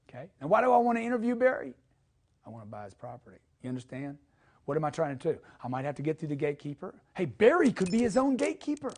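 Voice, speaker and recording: A middle-aged man delivers a motivational sales lesson in a notably high voice. He is emphatic and direct, and he drives each point home with a quick "okay?". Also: very animated, darkish tone. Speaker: sales trainer.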